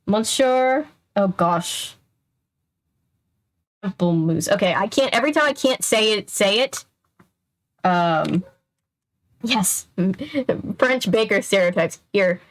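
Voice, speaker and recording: A young woman in her twenties reads a children's mystery aloud to her live chat from home. Her talk is chatty and full of laughter, breaking off mid-sentence as she goes, and her pitch sits in the middle. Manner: chatty, self-interrupting, laughing often. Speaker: channel host. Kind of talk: casual reading with live chat.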